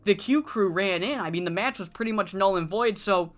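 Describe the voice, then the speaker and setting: A woman's voice: mid-range voice, brisk, faint music behind, lightly acted. A woman voicing a blunt male wrestling promoter who sounds exasperated and curses while telling a game story. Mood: dismissive.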